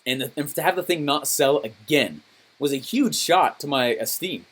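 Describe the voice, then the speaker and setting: A man coaching on a call, telling his own story with animated energy and acting out how he reacted back then, checking in often with "okay?" and "right?". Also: a little high, moderate pace, breathy edge. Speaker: business coach.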